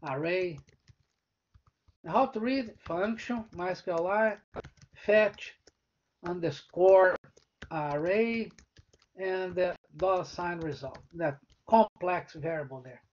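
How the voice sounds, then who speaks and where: A man, a professor giving a live coding lecture. He talks through the code step by step and keeps checking in with "né?" and "right?". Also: high voice. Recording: dull lo-fi recording.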